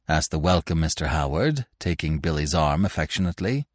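A man narrating a classic story in an expressive, dramatic audiobook reading. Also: very deep voice, a little fast, few pauses, no room sound, clean studio sound.

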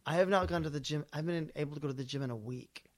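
Male podcast co-host, a little high-pitched, teasing and crude, an animated storyteller. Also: very fast. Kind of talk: casual comedic chat.

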